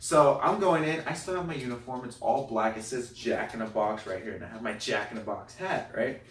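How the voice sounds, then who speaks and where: A man's voice: mid-range voice, a little fast. Man telling a self-deprecating comic story. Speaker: comedian guest. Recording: roomy, distant mic, faint noise.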